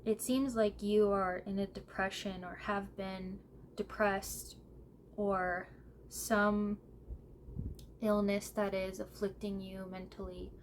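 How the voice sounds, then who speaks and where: Woman tarot reader, slow and soft-spoken, gentle and tearful, faint background hum. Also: mid-range voice, flat delivery. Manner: gentle and emotional, with fillers and pauses. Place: home room, seated in a squeaky chair.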